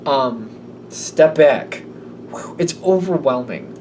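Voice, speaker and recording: Slow yet animated, his medium-pitched voice is a little mellow as he rambles through a casual tarot reading, occasionally putting on small voices. The mic is slightly distant, with faint room noise.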